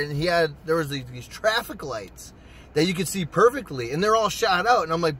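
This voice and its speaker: A young man telling a personal story to his channel in a casual, profane, excitable way. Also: a little high, a little fast, breathy edge. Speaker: storytime vlogger.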